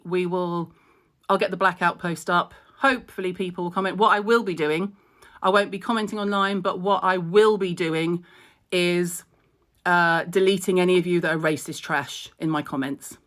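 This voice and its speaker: A woman's voice: fairly low pitch, fairly even intonation, normal speed, a bit bright. A middle-aged woman talks straight to her followers in a vlog. She is tearful and emotional, yet blunt and outspoken, and swears without a second thought. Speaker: skincare blogger. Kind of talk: direct-to-camera vlog update.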